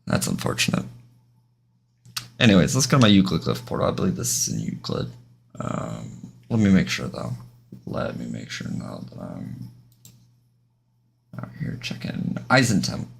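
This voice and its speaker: A man's voice: rumbling low, huge pitch swings, normal speed, creaky, pauses often, breathy edge. A man streaming a game live, rambling casually to his viewers and often restarting his sentences. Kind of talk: casual live-stream chat while gaming.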